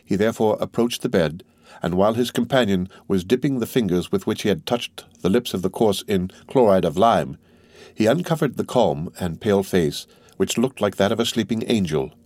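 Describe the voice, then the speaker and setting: Male reader narrating a classic novel, steady and measured, low voice; dry close recording. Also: no room sound. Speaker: audiobook reader.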